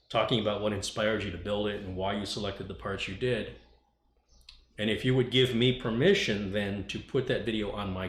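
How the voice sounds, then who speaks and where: A man's voice: fairly low pitch, fairly bright tone. A man hosting a casual livestream, reading viewer chat and joking with the people in it. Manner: joking, teasing, chatty. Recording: echoey room, faint noise.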